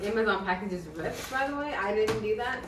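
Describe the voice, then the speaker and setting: A woman's voice: mid-range voice, fairly quick. A woman talking through an unboxing at home, gushing and laughing as she shows off new gear. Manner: excitable, gushing, lots of laughter. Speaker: vlogger. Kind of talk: unboxing vlog. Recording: echoey room from a distance with noise.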